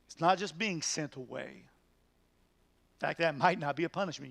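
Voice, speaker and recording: As pastor of a midweek Bible study, a man teaches earnestly and emphatically, pressing his points with rhetorical questions. His voice is fairly high for a man, a bit bright, with vocal fry, at normal speed. The recording is close and dry, with almost no room echo.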